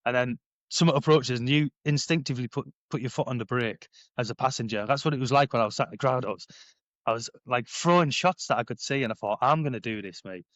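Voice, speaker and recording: A man in his thirties, a former paratrooper, telling his story in a casual podcast interview, animated and acting out quoted dialogue. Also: medium pitch, fast talker, no room sound, muffled recording. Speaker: podcast guest, former paratrooper and bare knuckle fighter. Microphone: headphones on, sitting at a podcast mic.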